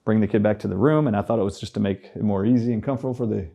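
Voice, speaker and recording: Low, mellow-voiced man telling a story. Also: very fast, gravelly. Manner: animated, acts out remembered dialogue. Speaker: guest. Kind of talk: storytelling in a conversational interview.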